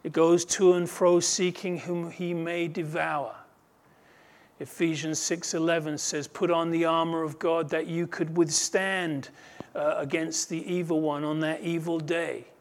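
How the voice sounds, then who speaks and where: Earnest preaching man, slightly high voice. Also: flat delivery, a little slow. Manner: earnest expository preaching, rises in pitch when retelling parables. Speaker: pastor. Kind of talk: sermon.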